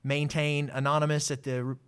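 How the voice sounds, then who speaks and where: A man recounts a personal story as an interview guest. His voice sits somewhat high for a man. He acts out what each person said with lively energy. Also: fairly quick, clean tone. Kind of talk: storytelling testimony.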